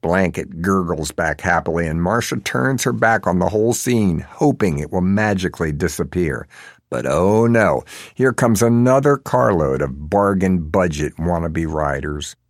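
Deep voiced guy reading a novel, sardonic, lively up and down delivery. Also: unhurried, no echo, clean studio sound. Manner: wry, sardonic. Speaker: narrator. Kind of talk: audiobook narration.

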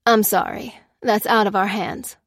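A woman's voice: mid-range voice, steady tone, creaky, no echo. Narrator as a wary, careful woman officer, audiobook read, dry. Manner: careful, measured. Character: cautious woman field officer.

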